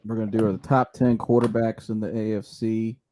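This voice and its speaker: A young man hosting a live sports show, telling stories with loud impressions and chatting about rankings. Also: on the low side, a little fast. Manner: animated storyteller, loud impressions. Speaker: podcast host. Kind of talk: casual sports chat.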